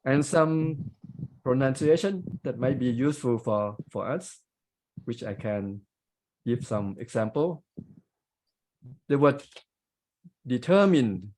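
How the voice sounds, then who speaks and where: A man's voice: mid-range voice, takes it slowly, pauses often, a little mellow, low-quality recording. A man with a Thai accent giving grammar and pronunciation feedback as a club grammarian on a video call, explaining carefully with examples.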